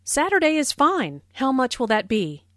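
Woman as a polite post office customer, slightly high voice, lively intonation. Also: normal speed, no room sound, clean studio sound. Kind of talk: scripted role-play dialogue.

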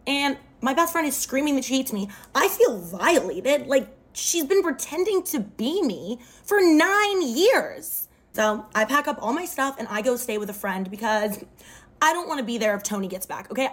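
A young woman telling a wild personal story to camera, dramatic and full of "like". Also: a little high. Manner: dramatic retelling, often says "like". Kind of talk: storytime vlog.

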